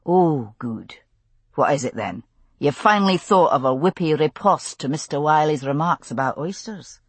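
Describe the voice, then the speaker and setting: A woman voicing a drowsy, wry Scottish man who gently teases his wife in bed. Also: low-pitched, expressive, moderate pace, husky, no room sound. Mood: drowsy teasing.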